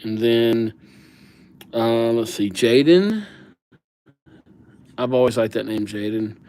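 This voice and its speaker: Man, livestream host, casual chat, playful, slangy banter, medium pitch. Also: slow pace, a little mellow. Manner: playful, riffs on names with silly nicknames; laid-back, slangy banter with viewers. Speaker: livestream host writing viewers' names.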